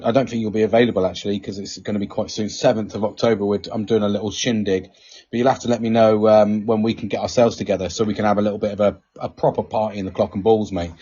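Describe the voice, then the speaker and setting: Man, podcast host, husky, muffled lo-fi sound, blunt and sweary. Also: fairly low pitch, warm tone. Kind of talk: casual chat. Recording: muffled lo-fi audio.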